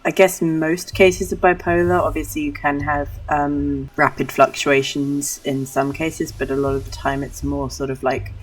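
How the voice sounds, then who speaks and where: Brief: casual woman game streamer, low voice, thoughtful rambling, slightly distant mic. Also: little pitch movement, moderate pace, few pauses. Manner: rambling, musing, self-deprecating. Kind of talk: casual gameplay commentary.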